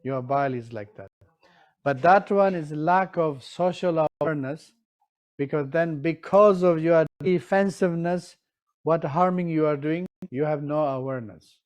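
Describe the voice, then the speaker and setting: A man's voice: on the high side, normal speed, darkish tone, highs cut off. A man teaching Tibetan medicine in a live session, in non-standard English, who keeps checking in with his listeners and acts out his examples.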